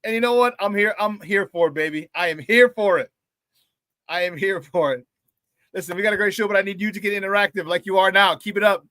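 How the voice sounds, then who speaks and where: Hyped-up bright-voiced sports show host. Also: male voice, high voice, steady tone, brisk, no room sound. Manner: playful and hype, reading viewer comments with laughs. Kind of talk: casual morning show chat.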